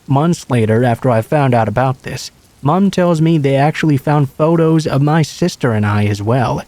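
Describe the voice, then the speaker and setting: Male narrator, mid-pitched, calm even read of a true horror story. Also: normal speed, no room sound.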